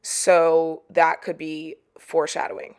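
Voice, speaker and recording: A young woman chatting casually to camera about a TV episode, animated and slangy. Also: sits low, a little slow, reverberant. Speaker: video creator reviewing a TV episode.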